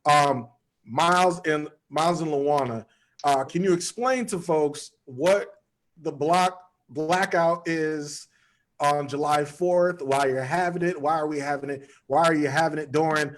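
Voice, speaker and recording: A man's voice: fairly high pitch, a little slow. A man hosting a podcast panel over a video call, joking and chatting casually while steering the talk. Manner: playful, joking, affirming others often. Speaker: podcast host.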